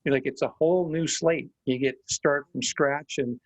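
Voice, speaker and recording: A man hosting a group video call, reflective and relaxed, with many fillers. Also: fairly high pitch, moderate pace, no room sound, poor audio. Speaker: host.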